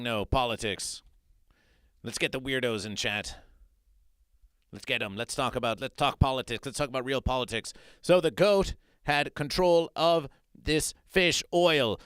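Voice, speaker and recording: A man doing a rambling, repetitive mock-serious news monologue as a comedy streamer, swinging between loud and hushed muttering. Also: mid-range voice, moderate pace, smooth, no echo.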